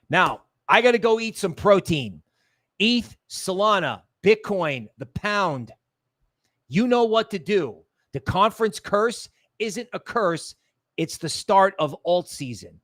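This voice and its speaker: A man hosts a casual livestream in a slightly high voice. He rambles and jokes, often sinking into quiet low asides. The sound is close and dry. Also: no room sound. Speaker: crypto livestream host.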